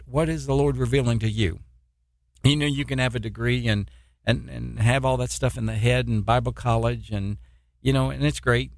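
A man's voice: mid-range voice, creaky, dry recording, studio quality. A man preaching an informal sermon in a plain, earnest way, often restarting his sentences. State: eye pain, poor sleep.

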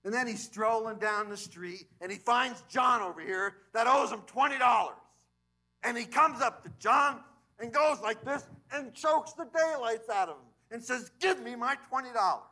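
A man preaching a sermon as pastor in a church, animated, swinging between loud emphasis and quiet asides. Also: very high-pitched, moderate pace. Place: church sanctuary.

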